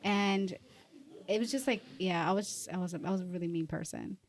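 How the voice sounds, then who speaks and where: A woman co-hosting a podcast, chatting casually in a quick, rambling way with many fillers and loud acted-out quotes. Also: fairly low pitch. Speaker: podcast co-host. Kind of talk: casual chat.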